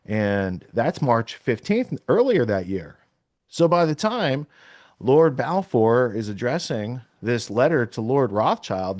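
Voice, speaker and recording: A man hosting a podcast at an everyday mid pitch, talking loosely and thinking aloud as he clicks through sources. His voice is dry and close to the mic, with no room sound around it. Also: darkish tone, dry recording. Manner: rambling, thinking aloud while browsing sources. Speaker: podcast host. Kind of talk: casual podcast talk.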